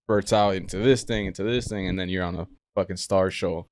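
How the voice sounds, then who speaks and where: Low smooth-voiced podcast host man. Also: a little fast, dry recording, clean studio sound. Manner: relaxed, slangy, rambling reflections. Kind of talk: casual podcast chat.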